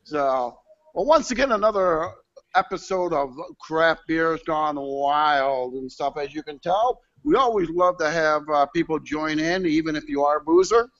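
A man's voice: a little high, expressive, unhurried, fairly bright tone, muffled recording. A man co-hosting a casual beer live stream from a restaurant, rambling with many fillers over an online call. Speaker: live show co-host.

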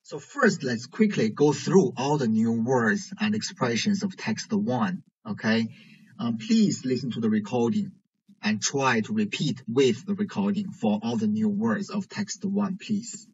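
A man teaching a language lesson in English, pausing often with fillers. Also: lowish voice, husky. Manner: hesitant, many pauses and fillers. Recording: dull lo-fi recording.

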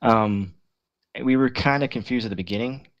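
A man's voice: medium pitch, moderate pace, muffled recording. A man in casual voice chat after a game session, rambling and correcting himself as he goes. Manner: rambling, hesitant, self-correcting. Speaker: game player.

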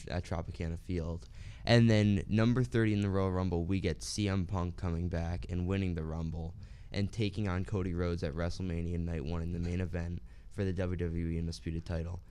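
A relaxed young man keeps the conversation moving and passes questions to his co-host. His voice is very deep, with a smooth and clear tone. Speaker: co-host of a wrestling talk show. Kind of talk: casual chat.

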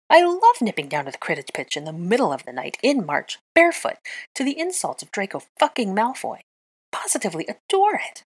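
A woman voicing a sharp-tongued, exasperated young witch who turns shrill and sarcastic when indignant. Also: vocal fry, breathy edge, full character voice.

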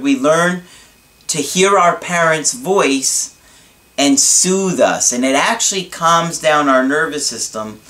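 A man giving relationship advice as a coach in a video monologue, explaining in a deliberate, reassuring way. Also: medium pitch, sharp tone.

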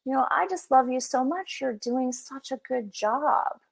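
A woman doing a soft-spoken kind grandmother. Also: high-pitched, animated, gravelly, voice pushed up, heavily acted. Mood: tender. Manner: soft, slow and tender. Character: kind, nurturing elderly grandmother.

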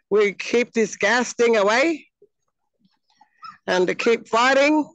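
Earnest, halting Australian woman, slow and smooth. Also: medium pitch, dry recording, muffled recording. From Northern Territory, Australia. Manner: earnest, halting, with frequent pauses. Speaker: speaker at a launch event. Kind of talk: heartfelt personal address. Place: outdoors on her home land.

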